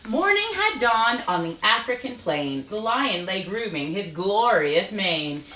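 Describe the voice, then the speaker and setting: A woman reading a picture book aloud to children in a gentle, expressive storytime manner over a video call, with echo from the room. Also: medium pitch, unhurried, few pauses, recorded from a distance, noisy background. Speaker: storytime reader. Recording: roomy echo.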